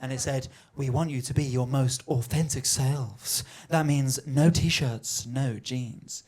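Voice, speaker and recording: A man's voice: mid-range voice, fairly even intonation, slow pace, darkish tone. A man doing a stand-up comedy set, talking conversationally and acting out the voices he quotes. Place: comedy venue with live audience.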